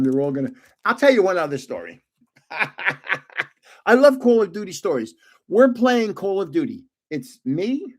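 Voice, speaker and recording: A man in his seventies casually telling gaming stories on a livestream, laughing often as he goes. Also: a little high. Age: 70s. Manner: animated, laughs often, restarts. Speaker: livestream host. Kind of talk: casual storytelling.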